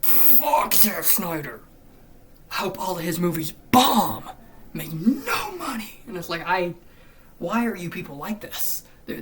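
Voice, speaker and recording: Foul-mouthed ranting vlogger, mic a bit distant. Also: medium pitch. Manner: profane and exasperated, with frequent cursing and repetition; animated, swinging between loud outbursts and muttered asides. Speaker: YouTube commentator. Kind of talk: unscripted ranting commentary. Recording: slightly distant mic with faint background noise.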